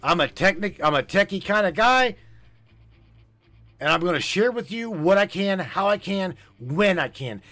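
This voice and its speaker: A man's voice: high voice, fairly bright tone. A male podcast host ranting with urgency, pleading and swearing, repeating himself as he goes. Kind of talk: impassioned livestream rant.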